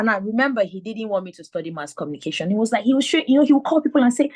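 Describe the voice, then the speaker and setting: A woman's voice: mid-range voice, brisk. A woman in her thirties from Nigeria with a Nigerian accent and a slight lisp, telling her story as a mentor in a live video call. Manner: animated storyteller acting out quotes. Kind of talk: live online mentoring talk.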